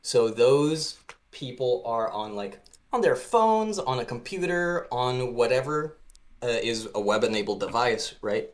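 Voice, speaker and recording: A man's voice: medium pitch, expressive, a little slow. A man talking as a podcast guest about designing a game, loose and chatty, with lots of "like". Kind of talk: casual podcast chat.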